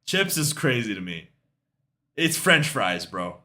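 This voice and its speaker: A man's voice: medium pitch, sing-song, slow, sharp tone. A young man streaming music reviews in casual chat, laid-back, swearing freely and trailing off with shrugging asides.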